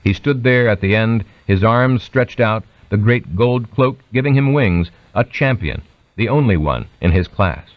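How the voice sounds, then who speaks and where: A man reading a biography aloud as an audiobook narrator, raising his pitch for quoted speech. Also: animated, unhurried, dry recording, dull audio. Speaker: audiobook reader.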